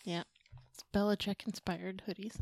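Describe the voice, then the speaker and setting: A woman's voice: mid-range voice, level tone, normal speed, creaky, a little mellow, no room sound. Upbeat woman co-hosting a podcast. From New England. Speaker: podcast co-host. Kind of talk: casual chat.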